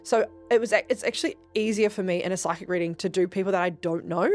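A woman hosting a podcast, telling spiritual stories in a casual, animated way, swearing freely and speaking straight to her listeners. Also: on the low side, fast, soft background music. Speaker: podcast host.

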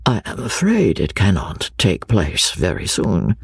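A woman reading an audiobook, voicing a calm, earnest middle-aged gentleman who speaks with grave compassion. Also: very deep voice, moderate pace, vocal fry, slightly rough, no room sound, voice pushed down, full character voice.

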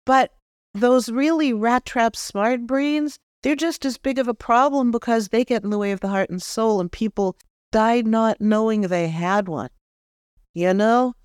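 A woman's voice: fairly high pitch, a little slow, darkish tone, clean tone, dry recording, studio quality, close to an everyday voice. A woman medium speaking as the spirit of a cocky, loving young man, earnest and reflective, with some self-mocking jokes. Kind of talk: channeled spirit talk.

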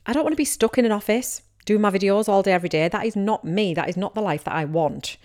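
A woman's voice: medium pitch, fast, a little mellow. Chatty Teesside woman podcast host. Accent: Teesside English. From Teesside, England. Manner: candid, chatty, acts out imagined remarks from listeners. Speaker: podcast host and business coach. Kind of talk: casual solo podcast monologue.

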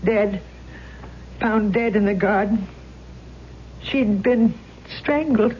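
A woman's voice: medium pitch, slow, highs cut off, a little hiss or hum, natural voice. An actress playing an elderly, guilt-ridden landlady and former actress, speaking hesitantly and stammering in a 1970s radio drama. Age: older.

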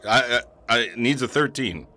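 Casting note: male player, lively pitch swings, bright tense tone, stammers and chuckles. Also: moderate pace. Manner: animated, stammers and laughs between lines. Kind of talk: casual tabletop game chat.

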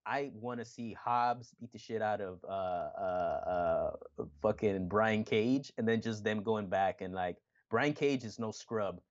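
A man's voice: lowish voice, a little slow. Male podcast co-host, loose wrestling chat, swears a lot, acts out quotes, slightly dull lo-fi sound. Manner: animated, swears often, acts out quotes with laughter.

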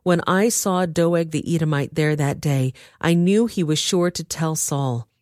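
A woman's voice: low-pitched, measured pace, darkish tone, no echo, clean studio sound. A woman reading the lines of a young warrior leader, earnest and resolute, in a dramatized story. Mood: remorseful.

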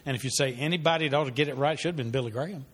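A man's voice: medium pitch, rapid-fire, a bit bright, husky. A man leading a church parenting class, talking earnestly and conversationally, with fillers and restarts. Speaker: pastor teaching a parenting class. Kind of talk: sermon-style teaching with a story. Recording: long hall reverb.

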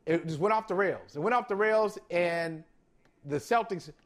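A man's voice: high-pitched, normal speed. A man co-hosting a sports talk show, debating emphatically and repeating his points. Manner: emphatic, repeats phrases, acts out quotes.

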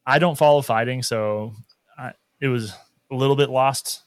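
A man, a guest on a podcast, talking casually and haltingly as he searches for words. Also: medium pitch, no room sound.

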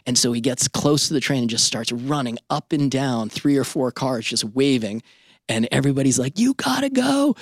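A middle-aged man, an entrepreneur and podcast host, telling a lively anecdote in an interview and often checking in with "right?". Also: medium pitch, moderate pace, no echo, clean studio sound.

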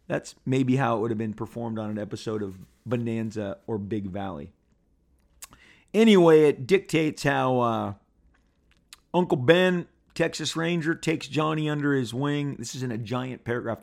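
A man's voice: medium pitch, moderate pace, vocal fry. A man reviewing comic books in a playful, rambling casual chat with frequent restarts.

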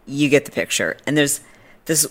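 A woman's voice: low voice, animated, moderate pace, fairly bright tone. Brief: woman podcast host, casual storyteller, snarky and chatty.

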